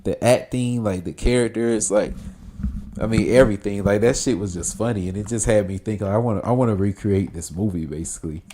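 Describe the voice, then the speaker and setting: A man's voice: lowish voice, a little fast, dark tone. A man streaming a video game, chatting in a rambling, casual way with lots of fillers and swearing. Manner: rambling, filler-heavy, laughs easily, swears. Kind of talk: casual gameplay commentary.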